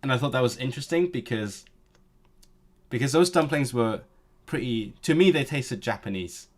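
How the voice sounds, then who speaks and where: A man's voice: medium pitch, expressive, normal speed. A young man hosting a casual live stream, talking at a desk mic with many fillers and restarts. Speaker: language streamer.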